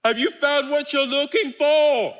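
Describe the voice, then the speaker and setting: A man's voice: very high voice, fairly even intonation, measured pace, fairly bright tone, pitched above the performer's own voice. A man voicing Jesus as a playful man who teases his friends with coaxing questions. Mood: teasing. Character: Jesus, gentle teasing man calling to friends.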